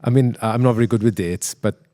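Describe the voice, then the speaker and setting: Speaking into a handheld mic, a podcast host and band member jokes around, laughs often and restarts frequently in a casual chat. His voice is on the low side and dark in tone, fairly quick. The sound is studio quality with no room sound.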